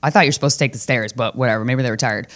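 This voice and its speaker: A woman comedian hosting a podcast, telling stories in a brash, profane, animated way, with sudden loud jumps in pitch. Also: rapid-fire. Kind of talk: casual comedic storytelling.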